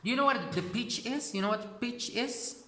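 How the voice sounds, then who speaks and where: A man's voice: extremely high pitch, moderate pace, a bit bright. Echoey male teacher questioning his class. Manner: questioning, with frequent restarts. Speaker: English teacher. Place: classroom, indoors. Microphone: far camera. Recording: very echoey classroom, far from mic.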